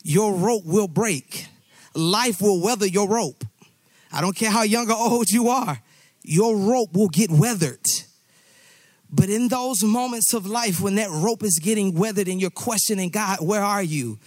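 A man's voice: high-pitched, a little slow, darkish tone, no echo, clean studio sound. A man preaching a sermon with passion, repeating phrases and rising into a singsong cadence. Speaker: pastor.

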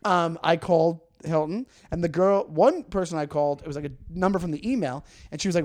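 A man co-hosting a podcast tells a comic story with plenty of animation. He jumps into other people's lines as he goes. His speaking voice sits high for a man. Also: fairly quick, hardly any pauses, a little mellow. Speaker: podcast co-host.

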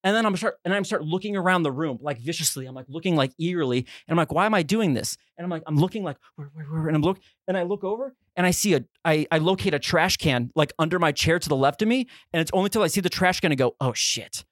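A man co-hosting a podcast, telling a story in a casual way, acting out the quotes with sudden high yelps. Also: expressive, fast talker, hardly any pauses, dry recording, studio quality. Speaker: podcast co-host.

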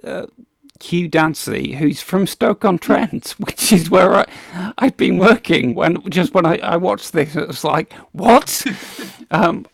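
A man's voice: a little high, unhurried, gravelly, dry recording, clean studio sound. A man hosting a podcast, chatting in a rambling way with many restarts and ums and frequent laughs. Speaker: podcast host. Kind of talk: casual podcast chat.

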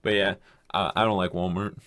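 Young male co-host, low voice, dry close sound, loose storyteller who swears freely. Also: level tone, brisk, fairly bright tone, no echo. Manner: rambling storyteller, swears casually, acts out quotes. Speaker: podcast co-host telling a story. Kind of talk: casual chat.

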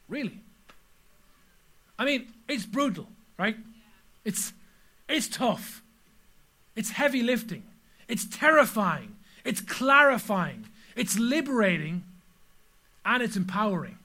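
A man's voice: sits high, sharp tone. A middle-aged man preaching a sermon to a church audience, telling stories and pressing listeners with repeated rhetorical questions. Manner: storytelling, emphatic rhetorical questions. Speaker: pastor. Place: church service before an audience.

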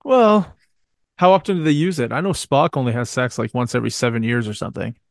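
A man co-hosting a casual podcast, chiming in with wry jokes and quick reactions. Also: medium pitch, vocal fry, dry recording, studio quality. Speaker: podcast co-host. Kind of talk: casual chat.

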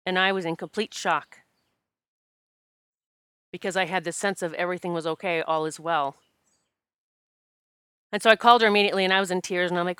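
A woman who practises Reiki tells a personal story in a candid, emotional, casual way, animatedly acting out what people said, including herself. Her fairly low, smooth voice moves briskly with long pauses, in a dry, clean studio recording.

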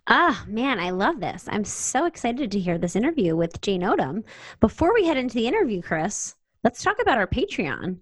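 A woman's voice: medium pitch, big pitch swings, moderate pace, no room sound, low-quality recording. A woman co-hosting a podcast, talking in an upbeat, casual way. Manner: upbeat, promotional. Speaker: podcast co-host.

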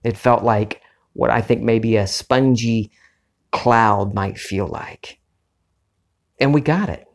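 A middle-aged man hosting a podcast, talking in a calm, earnest and unhurried way about spiritual ideas. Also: medium pitch, creaky. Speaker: podcast host. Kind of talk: reflective spiritual talk.

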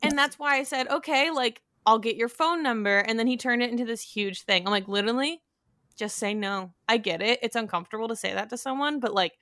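A woman's voice: fairly high pitch, brisk, a bit bright, no room sound. A young woman co-hosting a podcast, telling a dating story in a casual, chatty way full of fillers. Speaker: podcast co-host. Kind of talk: casual chat.

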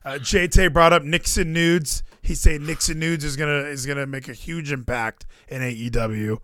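A man co-hosting a casual wrestling chat, animated and jokey, swearing freely. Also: a little high, normal speed, no room sound. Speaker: podcast co-host.

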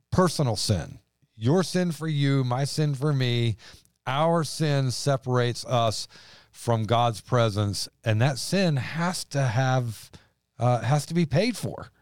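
A man's voice: mid-range voice, clear, resonant tone, no echo, studio quality. A man, a pastor co-hosting a podcast, talking earnestly and quoting scripture at length. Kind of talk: casual religious podcast chat.

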